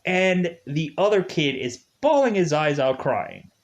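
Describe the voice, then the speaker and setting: A man giving a casual spoken movie review, rambling and animated, with lots of filler words. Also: on the high side, unhurried. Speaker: film reviewer.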